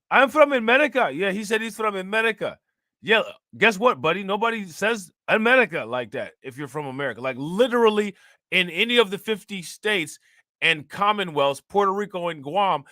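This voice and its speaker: A man's voice: sits high, sharp tone, no echo, clean studio sound. A man hosting a commentary stream, reacting to news clips in a casual, indignant way and talking straight to his viewers.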